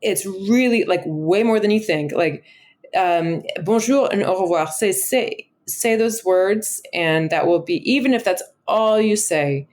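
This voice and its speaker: An American woman in her thirties, a travel journalist talking as an interview guest in a chatty, animated way, full of filler words and restarts. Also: mid-range voice, unhurried, hardly any pauses. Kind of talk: conversational interview.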